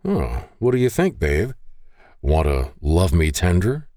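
Guy doing a playful flirty groom, low voice, teasing, lively, audiobook. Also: measured pace, no echo, clean studio sound. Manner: flirtatious, joking.

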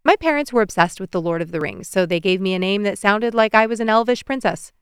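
A woman voicing a sarcastic young mother with a sharp, snarky edge. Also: medium pitch, quick pace, clean tone, no room sound, studio quality, lightly acted. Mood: wry.

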